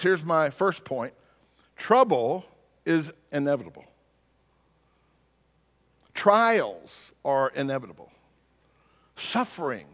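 Preacher, man, wry and animated, slightly raised pitch, heard in an echoing sanctuary. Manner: storytelling, animated, wry humor. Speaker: pastor. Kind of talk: sermon.

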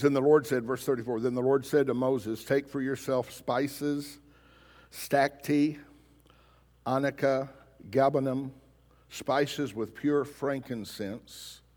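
A pastor preaching in a church sanctuary has a medium-pitched, slightly mellow voice. He is emphatic, confronting the congregation with pointed questions as the long reverb of a large hall rings around him.

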